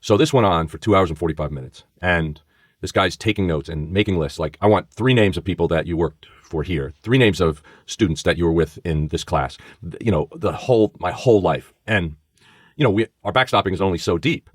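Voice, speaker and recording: A middle-aged man, a former FBI agent, co-hosting a podcast and telling a story with lively acted-out voices. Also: low-pitched, fairly quick, no echo, studio quality. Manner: vivid storyteller who acts out voices. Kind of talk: storytelling in conversation. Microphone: studio microphone.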